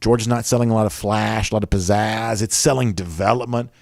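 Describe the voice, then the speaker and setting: Southern US man, sports show host, low voice, dry close sound, chatty with fillers. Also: fairly even intonation, brisk, creaky, no echo. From American South. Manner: chatty, reading viewer comments, many fillers. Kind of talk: casual sports talk.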